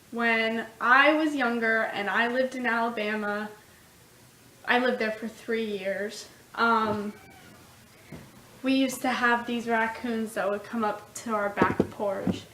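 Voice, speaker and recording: Female guest, slow hesitant chat, slightly high, roomy off-mic sound. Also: pushed and bright, far from the mic, a little hiss or hum. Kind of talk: casual chat.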